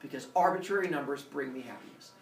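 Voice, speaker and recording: A man's voice: mid-range voice, animated, fast talker, gravelly, reverberant, far from the mic, a little hiss or hum. Hera, a man doing a breezy scheming goddess. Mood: playful. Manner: casual, jokey modern talk. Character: Hera, goddess posing as an old woman, scheming.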